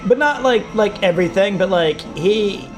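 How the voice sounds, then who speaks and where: A man's voice: high voice, lively intonation, normal speed, music in the background. A man in a casual chat over drinks in a bar, rambling and restarting his sentences. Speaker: guest. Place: bar or pub.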